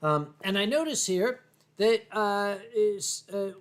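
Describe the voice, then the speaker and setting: Older man host, stammering, high-voiced. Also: animated, takes it slowly. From United States. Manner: rambling, stammering, self-deprecating. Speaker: livestream host. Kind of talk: casual chat reading viewer comments.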